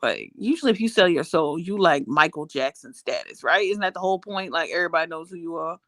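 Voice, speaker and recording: A woman's voice: lowish voice, expressive, fast, fairly bright tone, no echo. A woman in a casual chat who adds dry, skeptical remarks.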